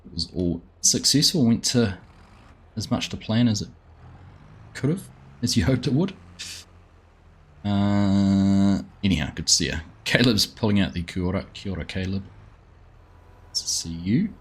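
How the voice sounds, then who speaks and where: A man's voice: lowish voice, expressive, unhurried, long pauses, breathy edge. A man with an Australian accent, chatting casually with viewers as a live game streamer and greeting them by name. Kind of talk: casual live-stream chat while playing.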